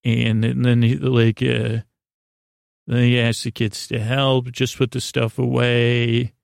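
A man's voice: mid-range voice, flat delivery, takes it slowly, creaky, dry recording, clean studio sound. A man hosting a podcast, telling a meandering story in a casual monologue and searching for words as he goes. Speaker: podcast host.

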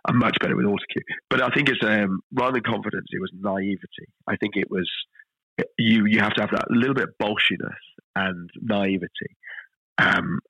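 A middle-aged man, a chef guest telling stories in a relaxed podcast interview, self-deprecating and full of restarts. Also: fairly low pitch, slightly rough, no room sound, highs cut off. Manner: chatty, self-deprecating storyteller with frequent restarts.

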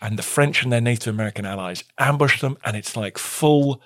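Fast-talking British man telling history. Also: mid-range voice. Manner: vivid, animated storytelling with quick restarts. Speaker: guest historian. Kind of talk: casual history discussion.

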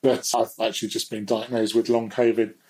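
A man's voice: fairly low pitch, flat delivery, brisk, a little mellow, poor audio. A man speaking as a guest in a candid, reflective conversation, sometimes laughing at himself. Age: adult.

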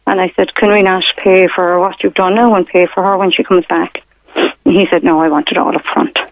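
A woman's voice: fairly low pitch, steady tone, brisk, dry recording. Middle-aged woman caller on a phone line, hesitant, rambling storyteller. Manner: rambling, hesitant, many fillers and retold quotes. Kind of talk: telling a personal story on a radio phone-in. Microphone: telephone.

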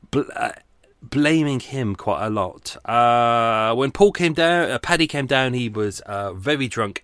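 Heat-weary and chatting loosely, a man hosting his own true crime podcast gives a casual solo monologue in a medium-pitched, slightly bright voice with no echo. His talk is peppered with fillers, casual profanity and self-deprecating comments.

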